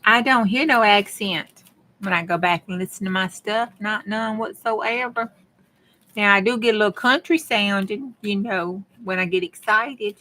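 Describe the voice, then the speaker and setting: A woman's voice: medium pitch, normal speed, bright, forceful tone. A middle-aged woman, chatting to her viewers in a folksy way while she works on a craft project. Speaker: craft vlogger. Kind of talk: casual chat while crafting.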